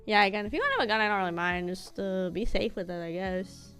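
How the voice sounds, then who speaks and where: A woman's voice: mid-range voice, sing-song, fast talker, a bit bright, faint music behind. Chatty rambling young woman streamer. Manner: chatty, rambling, casually profane. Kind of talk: casual chat while gaming.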